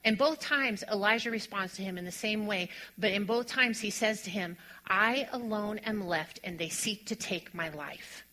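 A woman delivers a sermon with a bright, clear tone. She moves between soft, almost hushed passages and emphatic, rising declarations, explaining scripture to her listeners. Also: medium pitch, moderate pace, few pauses, low-quality recording. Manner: expressive, drops to a hush on quiet lines and rises to emphatic on strong ones. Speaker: preacher.

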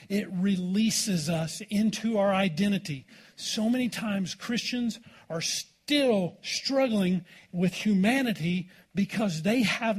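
A man's voice: high voice, slightly rough. A man pastor preaching a sermon in a church, in a folksy, informal way and calling out for "amen" from the congregation.

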